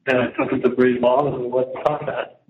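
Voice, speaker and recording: A man on a jail phone call, talking in a rambling, halting way that keeps restarting and repeating words. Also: medium pitch, little pitch movement, background noise. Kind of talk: casual phone conversation. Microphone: phone handset. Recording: tinny, echoey prison phone line.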